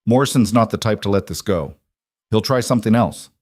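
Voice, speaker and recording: A man voicing a guarded young rancher who speaks quietly and steadily, in an audiobook western. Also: lowish voice, animated, fairly quick, dry recording, studio quality. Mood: tense.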